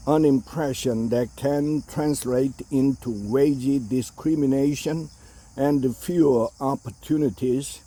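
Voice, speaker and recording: A man reading an opinion essay aloud in a measured way, with the odd hesitation. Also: mid-range voice, mellow.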